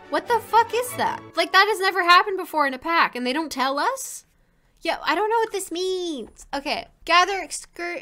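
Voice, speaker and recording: A woman's voice: high voice, bright, forceful tone. A woman hosting a casual let's play, commenting in a profane, exasperated, self-mocking way.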